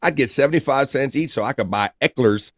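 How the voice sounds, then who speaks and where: A man's voice: mid-range voice, brisk, dry recording, clean studio sound. A man co-hosting a podcast who jokes along and reads out comments from the chat. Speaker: podcast co-host. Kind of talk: casual chat.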